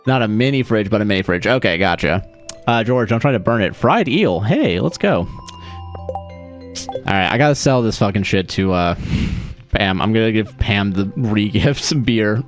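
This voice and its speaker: A man's voice: on the low side, normal speed, faint music behind. A young man from Florida, chatting casually and rambling while he streams a game, swearing freely and laughing often. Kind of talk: casual livestream chat while gaming.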